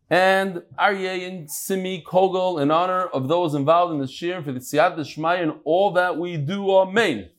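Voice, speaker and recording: A man teaching a live Talmud class, chatty, joking with the room and mixing Hebrew and Yiddish terms into his English. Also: high voice. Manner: chatty, jokes and asides to the room.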